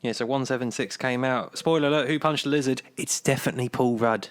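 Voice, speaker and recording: A man's voice: mid-range voice, fairly even intonation, quick pace, clear, resonant tone. Brief: giggly male podcast co-host, casual banter. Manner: laughs often, trails off quietly. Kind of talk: casual chat.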